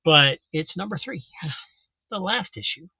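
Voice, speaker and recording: Chatty comic auction host, a man with a bright, slightly high voice, close and dry. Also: lively intonation, slow, vocal fry, slightly rough, no room sound, highs cut off. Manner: casual, chatty, describes books as he goes. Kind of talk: live auction commentary.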